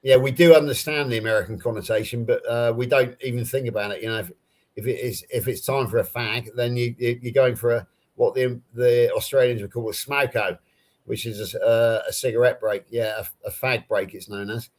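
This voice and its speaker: A man's voice: mid-range voice, fairly even intonation, brisk. An Englishman with a Southern English accent, chatting casually on a live stream video call and explaining things through personal anecdotes. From England. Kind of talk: casual chat.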